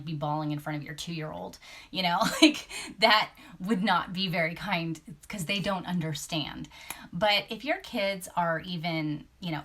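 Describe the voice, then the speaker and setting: A woman hosting a podcast, talking candidly and earnestly, sometimes dropping to a soft near-whisper. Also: on the low side. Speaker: podcast host. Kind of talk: reflective podcast talk.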